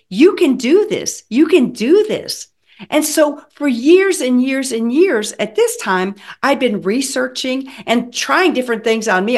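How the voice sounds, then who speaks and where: Woman in her sixties, health coach, personal story, lively swooping pitch, fairly high voice, dramatic delivery. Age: 60s. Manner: animated, dramatic retelling with acted quotes.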